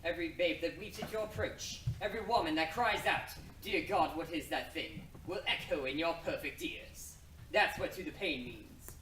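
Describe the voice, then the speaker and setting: A man playing a weakened young hero in a stage play, speaking slowly with mocking menace. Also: on the high side, lively intonation, bright, forceful tone. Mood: menacing. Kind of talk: amateur stage acting. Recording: echoey room from far off, noisy.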